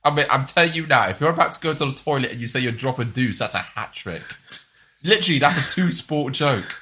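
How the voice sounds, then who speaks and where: A man co-hosting a casual podcast, joking and swearing in an animated way. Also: mid-range voice, quick pace, a little hiss or hum. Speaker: podcast co-host. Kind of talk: casual chat.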